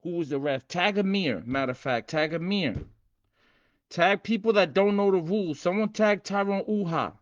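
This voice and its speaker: A man's voice: high voice, moderate pace, muffled recording. Hyped streetwise man on a livestream. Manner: hyped, streetwise, repetitive, shouting out viewers. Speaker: livestream host teaching game rules. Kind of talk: casual livestream chat.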